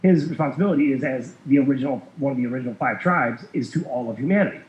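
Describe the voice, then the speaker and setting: A man's voice: mid-range voice, rapid-fire, a little mellow. Rambling man in a roomy lo-fi recording. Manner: rambling, many fillers, chuckles while telling. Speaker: guest. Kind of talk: casual storytelling chat. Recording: roomy, dull lo-fi sound.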